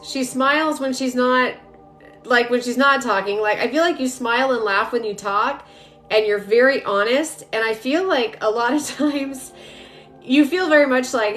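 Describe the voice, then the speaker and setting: A woman's voice: on the high side, normal speed, a bit bright. A young adult woman, a spiritual energy coach, talking casually and directly to viewers on a live stream. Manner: chatty, rambling, addresses viewers directly. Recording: faint music behind.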